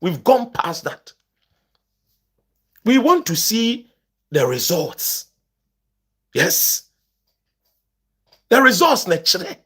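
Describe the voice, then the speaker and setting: A man's voice: high voice, wildly swooping pitch, very slow, long pauses, fairly bright tone, breathy edge. A Ghanaian man ranting about politics to his online audience, impassioned and emphatic, switching between English and Twi. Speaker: political commentator. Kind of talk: animated political rant to camera.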